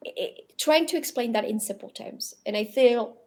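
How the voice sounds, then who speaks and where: A woman with a French accent speaks in a fairly high voice as an interview guest. She talks animatedly and often restarts or repeats words while she searches for her English phrasing. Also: normal speed, darkish tone. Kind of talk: casual interview conversation.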